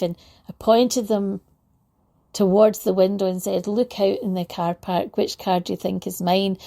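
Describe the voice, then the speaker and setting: Woman speaker, motivational talk, storytelling delivery, dark slightly gravelly tone. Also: mid-range voice. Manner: warm anecdotal storytelling, laughs lightly.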